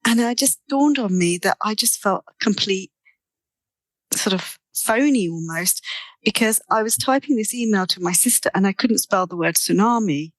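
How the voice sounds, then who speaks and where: Middle-aged woman guest, mid-pitched, dry close sound, chatty storyteller who repeats herself. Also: normal speed, dry recording. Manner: animated storyteller, frequent repetitions. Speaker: guest therapist. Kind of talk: personal storytelling in interview.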